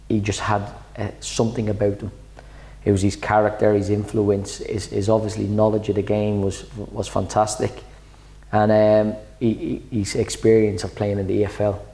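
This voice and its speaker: Man, football head coach, low flat voice, mellow tone, chatty, stumbles and repeats words. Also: rough recording. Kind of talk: sit-down interview.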